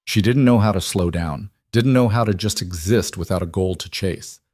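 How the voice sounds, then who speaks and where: Reading a story from a script, a low-voiced male narrator keeps an even, unhurried delivery. The sound is dry and close-miked, free of any room sound.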